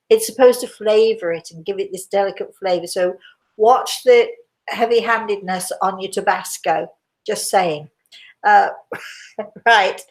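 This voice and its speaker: A woman's voice: mid-range voice, slow, pauses often. An older British woman with a British accent hosting a casual livestream, chatty and rambling, laughing easily. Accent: British English. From Britain. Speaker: host. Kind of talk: casual livestream chat with audience questions.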